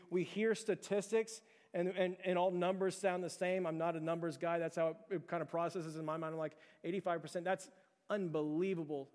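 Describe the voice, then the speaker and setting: A young pastor with a high, light voice preaches in a conversational, animated way, firing rhetorical questions at his church. His words ring out with a long reverb trailing through the sanctuary. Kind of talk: sermon.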